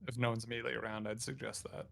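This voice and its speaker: A man's voice: medium pitch, flat delivery, very fast, vocal fry, fairly bright tone. A man playing a tabletop game, chatting casually and laughing easily. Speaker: player. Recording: faint background noise.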